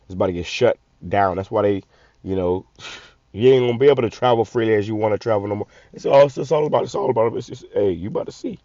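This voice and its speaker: A man's voice: lowish voice, fast talker, dark tone, dry recording. A man, giving blunt, profane casual commentary on a video, often repeating and restarting words. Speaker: channel host. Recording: muffled lo-fi audio.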